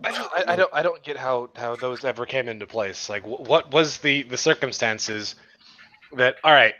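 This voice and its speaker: A man on a podcast, stumbling over his words as he asks in disbelief how things came to be, with plenty of swearing. His voice is bright, but the recording is dull and a bit lo-fi. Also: medium pitch, moderate pace. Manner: incredulous, stammering questions, profane. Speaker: podcast co-host. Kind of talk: casual podcast banter.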